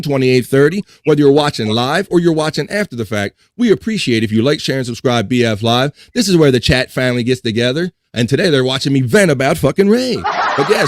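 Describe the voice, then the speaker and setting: A man with a medium-pitched voice hosts a laid-back livestream podcast, reading the chat and ranting with lots of swearing and frequent laughter as he vents. There's noise in the background.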